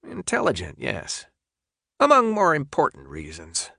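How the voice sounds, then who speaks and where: A man's voice: a little high, huge pitch swings, measured pace, gravelly, dry recording, clean studio sound, pitched above the performer's own voice, full character voice. A man doing a cold, volatile older official. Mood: stern. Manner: clipped, swinging from quiet to shouting.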